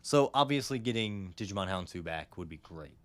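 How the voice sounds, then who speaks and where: This is a young man co-hosting a podcast, rambling along in casual chat. His voice sits a little low. He sounds enthusiastic and curses offhandedly. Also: lively intonation, brisk, fairly bright tone. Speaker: podcast co-host.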